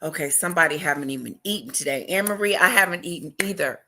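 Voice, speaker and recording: A woman hosting a casual livestream chat, talking loudly and excitedly and greeting viewers by name. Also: low-pitched, quick pace. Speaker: livestream host.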